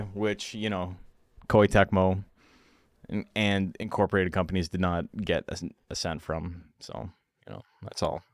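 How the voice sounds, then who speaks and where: Rambling young man, smooth voice. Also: fairly low pitch, no room sound, clean studio sound. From Canada. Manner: rambling, swears freely, lots of fillers. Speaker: streamer. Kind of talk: casual stream chat and storytelling.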